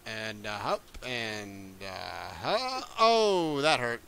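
A young man giving casual gameplay commentary, excitable, swearing often and yelping at scares. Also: lowish voice, extremely slow, gravelly, slight background noise. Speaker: gaming video creator.

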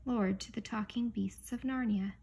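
A small, brave talking mouse speaks with slow, formal courtesy, as a woman reading aloud puts him on. His voice comes through husky and gravelly. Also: a little high, steady tone, warm tone.

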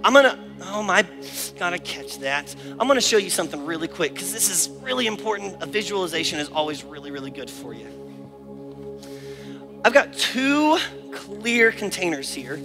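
Energetic male kids-camp preacher, high and bright, long hall reverb. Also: moderate pace. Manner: animated, energetic, acts out little prayers in different voices. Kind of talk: lively preaching to children. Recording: echoey hall with faint music.

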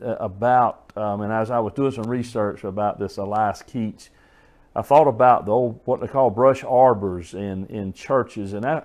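A man's voice: mid-range voice, a little mellow. A man preaching a sermon, earnest and folksy, telling stories and often restarting his phrases.

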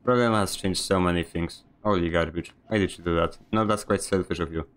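A man's voice: deep voice, steady tone, brisk, fairly bright tone. A man streaming a video game, giving a sarcastic, grumbling running commentary. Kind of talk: live gameplay commentary.

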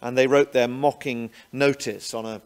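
A man's voice: mid-range voice, fairly even intonation, normal speed, clear, resonant tone. A man preaching a sermon, often ending points with rhetorical tag questions. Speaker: pastor.

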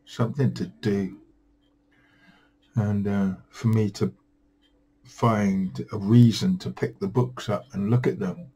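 A weary man talks to his camera at home, his voice low, dark and a little husky. He grumbles and mocks himself in a rambling, tired way. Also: steady tone, slow, pauses often, poor audio. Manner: weary, self-deprecating, grumbling. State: tired, yawning. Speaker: vlogger. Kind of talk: rambling solo vlog.

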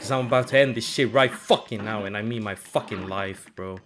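A young man commenting on his own gameplay, cursing a lot and swinging between angry yelling and low muttering. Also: a little fast, background noise. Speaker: gaming channel host.

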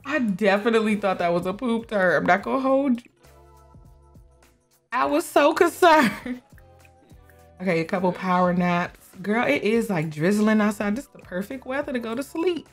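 A woman's voice: medium pitch, animated, a little fast, faint music behind. A young woman chatting through a life sim game, talking to her characters and laughing often. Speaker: gameplay streamer. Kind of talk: casual gameplay commentary.

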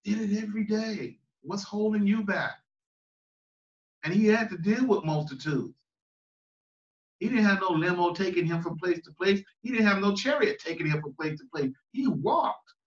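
A man's voice: high voice, moderate pace, long pauses. A man, a pastor, preaching in a plain-spoken, conversational way to a choir Bible study in a church, stressing and repeating his key phrases. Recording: echoey room, voice far from the mic, dull sound.

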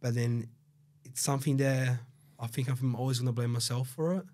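A man with an Australian accent, raised there after a Brazilian childhood, tells his story as a podcast guest. He rambles, swears freely and leans on fillers, in a voice of ordinary middle pitch. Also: steady tone, moderate pace, dark tone. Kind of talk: casual storytelling interview.

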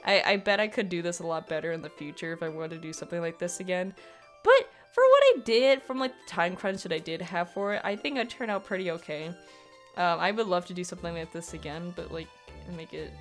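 A young woman giving casual, rambling commentary over a speed paint, giggling often and poking fun at her own work. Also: on the low side. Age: young adult. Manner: giggly, rambling, self-deprecating. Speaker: digital artist.

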